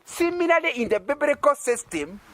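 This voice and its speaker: A man's voice: very high-pitched, big pitch swings, fairly quick, background noise. A man with a Kenyan accent, from Kenya, preaching an interactive sermon. He keeps checking in with his listeners through rhetorical questions and chuckles.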